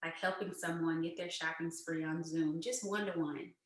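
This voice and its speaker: A woman's voice: sits low, fairly even intonation, normal speed, heavy reverb. A woman hosting an interview, gushing and affirming her guest. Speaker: show host. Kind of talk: casual interview chat.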